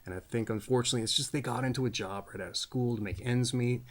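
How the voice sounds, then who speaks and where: A man hosts a casual, rambling birthday astrology reading in a folksy manner, often checking in with "all right?" and laughing at his own jokes. His voice is medium-pitched and he talks fast.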